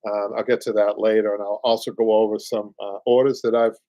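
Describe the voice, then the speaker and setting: A man's voice: fairly low pitch, little pitch movement, fairly quick, warm tone, no room sound. Chatty Boston man hosting live. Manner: rambling and chatty, many fillers, chuckles often. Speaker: upholsterer hosting a live show. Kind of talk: casual live-stream chat.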